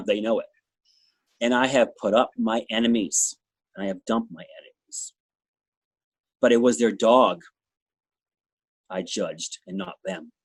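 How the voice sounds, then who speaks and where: Middle-aged man, New England accent, blunt and rambling, husky. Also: fairly low pitch, no echo. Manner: blunt, talks fast in bursts, trails off. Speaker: dog show judge. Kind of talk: interview answer, candid anecdotes.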